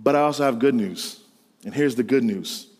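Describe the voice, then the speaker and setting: A man's voice: mid-range voice, moderate pace, a little mellow, long reverb tail. A male pastor preaching a sermon to students in an emphatic, storytelling way. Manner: storytelling, emphatic, rising to exclamations.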